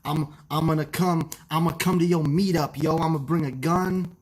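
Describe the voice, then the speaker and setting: A man's voice: on the high side, steady tone, brisk, pitched above the performer's own voice, lightly acted. A man doing an impression of a brash, threatening young male street tough who keeps saying "yo". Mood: swaggering.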